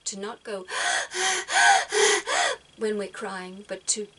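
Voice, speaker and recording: A woman talking gently and reflectively to her viewers, giving spiritual advice and often repeating words as she thinks. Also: mid-range voice, little pitch movement, normal speed, rough recording.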